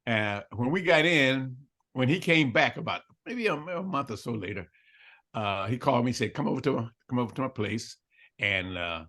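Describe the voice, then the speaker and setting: A man's voice: medium pitch, animated, normal speed, a bit bright. An older man telling a story in an interview, acting out both sides of the dialogue and laughing often. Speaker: interview guest.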